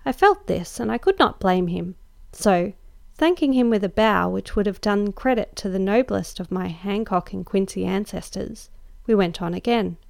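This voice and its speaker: Woman, gravelly voice, story narration, measured, expressive. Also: mid-range voice, no echo. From Australia. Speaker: guest host, story narrator. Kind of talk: audiobook narration.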